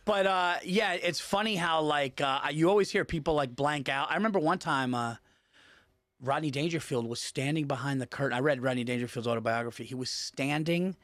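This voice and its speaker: A male comedy podcast host chats casually, acting out quotes with animated energy. His voice sits a bit high, and the recording is dry and close. He talks like a working comic swapping stories. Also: fairly quick, no echo. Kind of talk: casual chat.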